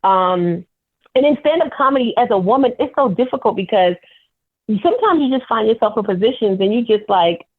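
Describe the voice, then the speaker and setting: A woman comedian calling in as a guest, candidly telling animated stories about her work. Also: fairly high pitch, a little fast. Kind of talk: phone interview storytelling. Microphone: telephone. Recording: tinny phone line.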